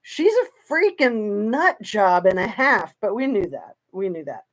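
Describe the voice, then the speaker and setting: Woman, livestream host, casual chat, rambling, sarcastic, mid pitch. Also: very animated, a little slow. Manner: chatty, rambling, sarcastic asides. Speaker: true crime livestream host.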